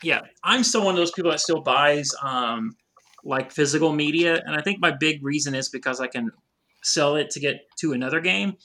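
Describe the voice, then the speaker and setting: A man's voice: fairly high pitch, normal speed, bright, forceful tone. A man co-hosting a podcast in casual chat, telling rambling anecdotes full of filler words. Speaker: podcast co-host. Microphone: remote podcast recording.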